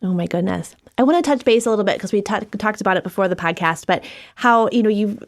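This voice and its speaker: A woman's voice: medium pitch, fast talker. A woman hosting a podcast interview, conversational and affirming, who sets up her questions at length. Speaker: podcast host.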